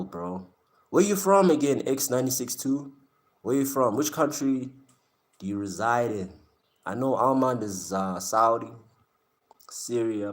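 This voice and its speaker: A man from Africa, hosting a live stream and chatting casually with his viewers in a slangy, joking way. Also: fairly low pitch. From South Africa. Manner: slangy, joking, talks straight to chat, often laughs. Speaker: live-stream host reacting with chat.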